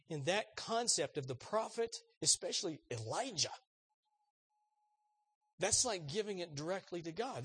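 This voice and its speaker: A man's voice: a little high, slightly rough, no echo. A man preaching a sermon, telling an anecdote and acting out the voices in it. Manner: animated storyteller, acts out voices in anecdotes. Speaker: pastor. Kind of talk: sermon storytelling.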